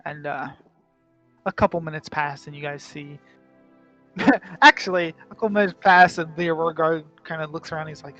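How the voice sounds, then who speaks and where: A man's voice: a little high, normal speed, long pauses, a bit bright, muffled recording, soft background music. A man narrating as dungeon master in a casual way, full of fillers and self-corrections. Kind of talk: narrating a tabletop game.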